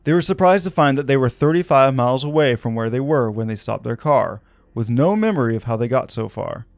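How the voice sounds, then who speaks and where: A man telling a story on a podcast, loose and conversational, slipping in casual fillers. His pitch sits in the middle of the range, and the sound is dry, with no echo. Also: lively intonation, brisk. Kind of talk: conversational narration of a paranormal story.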